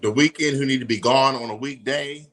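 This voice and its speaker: A man co-hosting a casual chat, sassy and profane in quick banter. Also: mid-range voice, a bit bright. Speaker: co-host.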